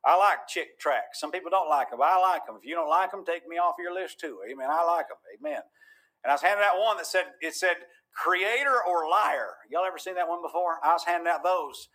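Preaching fervently, a Georgia man shifts from folksy jokes to thundering declarations. His voice sits on the high side, fairly bright, and he speaks fast.

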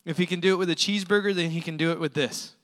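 A male pastor delivers a storytelling sermon with a high, bright, forceful tone. He talks casually and emphatically, tossing in quick asides. His voice rings with the long reverb of a large hall. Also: steady tone.

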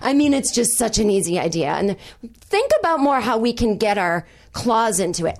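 Woman comic, forties, guest on a chat show; lively, swooping delivery, acts out the dialogue, wry. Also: fairly high pitch, moderate pace, creaky. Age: 40s. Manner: animated storyteller, acts out quoted exchanges, wry and self-deprecating. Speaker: comedian guest. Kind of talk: casual podcast chat.

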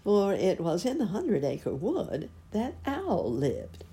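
A woman slowly reading a classic children's book aloud in a gentle storytelling way. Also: mid-range voice, huge pitch swings, a little hiss or hum. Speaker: storybook reader.

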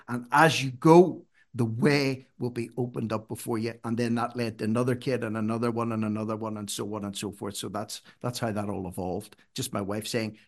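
A middle-aged man, a podcast guest telling stories in an earnest, emphatic way that climbs high when he urges. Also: animated, normal speed, few pauses. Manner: earnest, emphatic, rises sharply when urging. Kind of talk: conversational storytelling.

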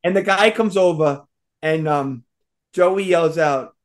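Man, storytelling, animated, acts out quotes, laughs a lot, slightly high voice. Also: takes it slowly. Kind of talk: casual storytelling.

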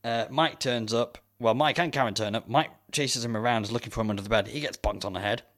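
A man's voice: mid-range voice, quick pace, fairly bright tone. A man co-hosting a podcast, casually retelling a film plot and joking around. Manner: jokey, breaks into silly impressions. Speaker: podcast co-host.

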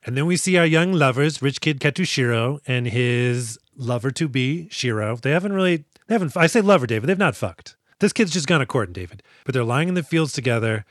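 A man co-hosting a casual movie-review podcast, animated and profane, acting out characters as he recaps scenes. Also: medium pitch, brisk, few pauses, no room sound, studio quality. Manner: animated, swearing, acts out characters in quotes. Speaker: podcast co-host.

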